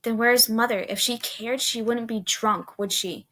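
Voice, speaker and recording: A woman's voice: fairly high pitch, fairly even intonation, a little slow, fairly bright tone. A woman voicing a shy, stubborn young girl who complains in a storybook reading. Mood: angry.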